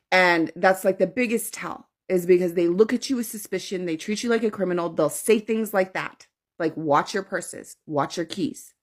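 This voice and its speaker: A woman giving a casual, blunt, profane rant to camera as a social media commentator, often repeating her points. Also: medium pitch.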